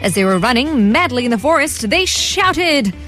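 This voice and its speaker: A woman narrating a children's story in an expressive storytelling manner. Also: sits high, moderate pace, faint music behind.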